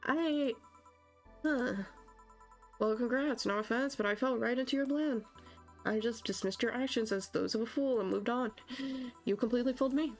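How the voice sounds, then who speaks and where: A woman's voice: on the high side, normal speed, pauses often, soft background music, close to an everyday voice. A woman voicing a young woman bartender in a game, speaking dryly and bluntly.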